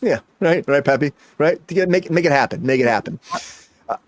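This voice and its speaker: A man's voice: fairly high pitch, expressive, brisk. A man hosting a comedy entertainment news show, talking energetically and hyping up the breaking news. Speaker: host.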